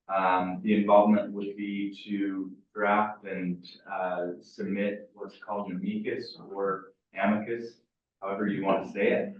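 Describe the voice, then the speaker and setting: Low flat male voice, halting, very echoey room, far from the mic. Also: highs cut off. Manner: halting, with many fillers. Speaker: staff member presenting a report. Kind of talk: meeting report. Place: meeting room.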